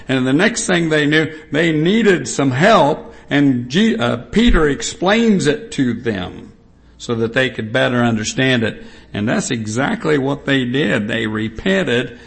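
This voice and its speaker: A man preaching a sermon, reading scripture aloud and stressing points slowly and emphatically with repetition. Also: medium pitch, vocal fry.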